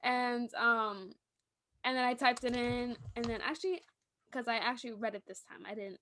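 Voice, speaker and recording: A young woman co-hosting a podcast, telling lively stories in casual chat and acting out the people she quotes. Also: fairly high pitch, normal speed. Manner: animated storytelling, acting out quotes with laughs. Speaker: podcast co-host.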